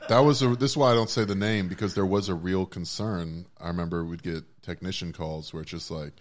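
A man's voice: sits low, steady tone, a little fast. A man co-hosting a podcast in casual chat, wordy and profane with a self-deprecating streak. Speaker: podcast co-host.

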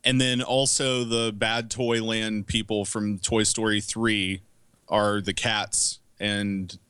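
A man's voice: on the low side, little pitch movement, takes it slowly, sharp tone, clean tone, dry recording, clean studio sound. A man co-hosting a movie podcast, giving blunt, profane opinions in casual chat. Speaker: podcast co-host.

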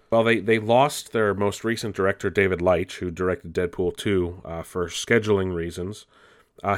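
Hosting a casual roundup of entertainment news, a deep-voiced man keeps things relaxed and talkative. Now and then he curses, and he often laughs at himself.

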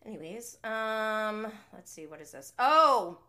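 Bright-voiced chatty woman recapping reality TV. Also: medium pitch, takes it slowly. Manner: chatty, animated, swings between muttering asides and heated rants. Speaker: podcast host. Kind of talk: casual live recap chat.

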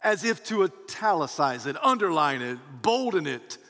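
A man's voice: a little high, big pitch swings, moderate pace, bright, forceful tone. A male pastor giving an emphatic sermon, swelling and dropping his voice for emphasis, in a large church. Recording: long hall reverb.

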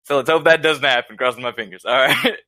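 A man's voice: medium pitch, fast talker, pushed and bright, dry recording. A man calling in as a guest, explaining his views in a rambling, thoughtful way with many hesitations. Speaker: guest caller.

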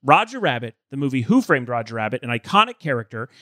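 A man's voice: medium pitch, very animated, fast, a bit bright, no echo, studio quality. A man hosting a podcast in casual chat, enthusiastic and joking, sharing trivia. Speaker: podcast host.

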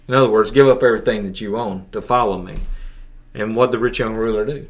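A youth pastor hosts a casual sermon podcast aimed at young listeners, speaking in a folksy way and often repeating words as he restarts. His voice is fairly low with fairly even intonation and a quick pace.

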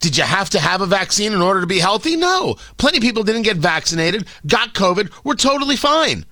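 Guy doing a sarcastic opinion monologue, high voice bouncing all over, lots of punchy rhetorical questions. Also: big pitch swings, a little fast, pushed and bright, no echo, studio quality. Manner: sardonic and opinionated, with frequent emphatic rhetorical questions. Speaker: commentary show host.

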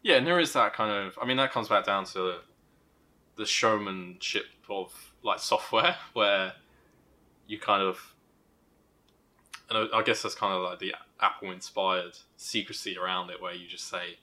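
A young man co-hosting a podcast, thinking aloud in casual chat with restarts and soft laughs. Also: low voice, a little slow. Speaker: podcast co-host.

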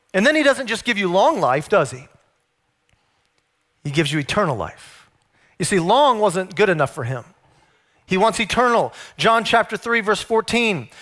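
A man's voice: high-pitched, a bit bright. A man preaching a sermon, emphatic and full of rhetorical questions put to his listeners.

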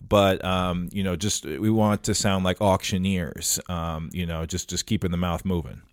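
A man hosting a casual podcast, talking in a halting way full of fillers and restarts. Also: deep voice, steady tone, dry recording, studio quality. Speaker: podcast host. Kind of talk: casual chat.

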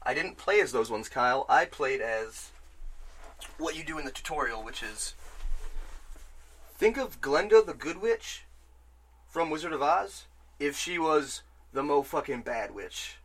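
Bright-voiced man ranting about games. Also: a little high, unhurried, pauses often, slightly rough. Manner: rambling, excitable, swears freely. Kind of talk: casual game chat.

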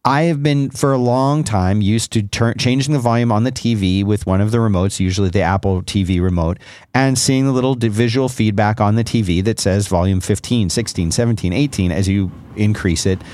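A man's voice: fairly low pitch, fairly quick, darkish tone, dry recording, clean studio sound. A man co-hosting a podcast, explaining gadgets in a rambling, self-correcting casual chat. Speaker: podcast co-host.

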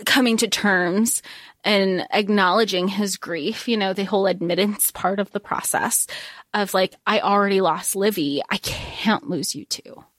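A woman's voice: medium pitch, fairly even intonation, normal speed, a bit bright, no room sound. Woman co-host rambling about a book, mid voice, does the characters' voices, dry close mic. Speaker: podcast co-host. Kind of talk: casual book recap chat.

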